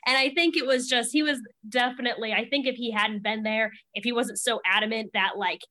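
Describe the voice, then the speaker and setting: Lively young woman telling stories. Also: a little high, fairly quick. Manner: animated storytelling, laughs often, acts out quotes. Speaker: podcast guest. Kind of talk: casual chat.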